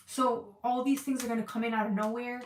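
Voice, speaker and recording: Emotional tarot reader, echoey and off-mic. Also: female voice, fairly high pitch, steady tone, a little fast, recorded from a distance, slight background noise. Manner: emotional, repetitive, searching for words. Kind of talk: casual tarot reading.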